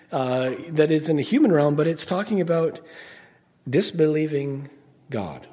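A man's voice: on the high side, warm tone. A middle-aged man preaching a sermon, emphatic, often asking the congregation questions and answering them. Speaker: pastor.

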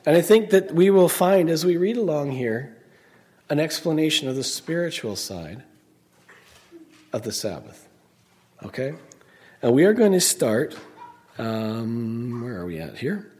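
A man's voice: on the high side, very animated, a little slow, long pauses, a little mellow. Emphatic middle-aged male preacher. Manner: emphatic, asks the congregation questions. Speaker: pastor. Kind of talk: sermon.

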